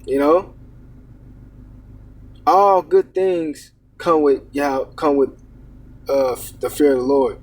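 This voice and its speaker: A man preaching in an unhurried, casual way, reading verses and then explaining them. His voice is a bit husky and sits fairly high for a man. He sounds set back from the microphone. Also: distant mic. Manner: reads verses aloud then comments, adds "man" and "all right?". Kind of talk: informal scripture teaching.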